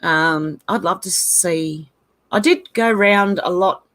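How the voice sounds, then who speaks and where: A woman's voice: on the low side, slow, a bit bright. A woman from Ireland raised in Australia, with an Australian accent, chatting casually and laughing often as she reads out viewer comments. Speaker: channel host reading viewer comments. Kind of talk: casual livestream chat.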